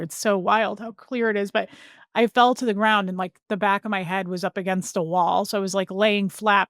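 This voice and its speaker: A woman podcast guest with a medium-pitched voice tells a personal story casually and earnestly, growing emotional as she recounts it and saying "like" often. The studio-quality audio has no echo.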